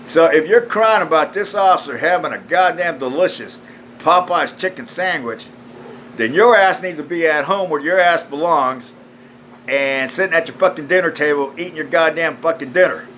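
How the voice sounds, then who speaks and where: A man's voice: fairly high pitch, moderate pace, a bit bright, slight background noise, low-quality recording. Foul-mouthed man ranting scornfully. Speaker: video ranter. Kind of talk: angry profane rant.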